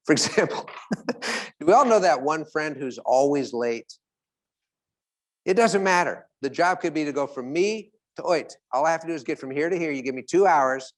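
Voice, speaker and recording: A man speaking live to an audience as a motivational speaker, animated and chuckling as he acts out everyday characters. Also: fairly high pitch, a little fast. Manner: animated, acts out little characters, laughs often.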